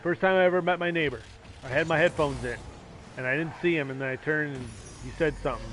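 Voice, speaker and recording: A man on a casual gaming stream, rambling and sarcastic, now and then yelling at his teammates. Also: a little high, fast talker, a little hiss or hum.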